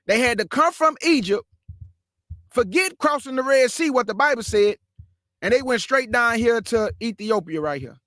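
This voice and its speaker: Male Bible teacher and host, high-pitched and emphatic, dry close sound, casual delivery that keeps repeating its main points. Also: expressive, moderate pace, a bit bright, no room sound. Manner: emphatic, repeats key phrases, calls listeners "family"; walks through a shared screen map while talking.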